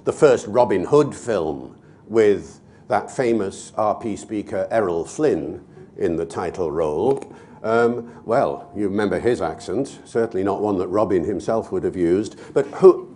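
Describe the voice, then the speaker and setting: A man talking in an online session, his low voice swinging widely in pitch. He explains at length, tossing in asides, with faint noise behind him. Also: expressive, measured pace, mellow. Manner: expansive, lecturing, many asides. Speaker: language expert. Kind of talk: online talk with a co-presenter.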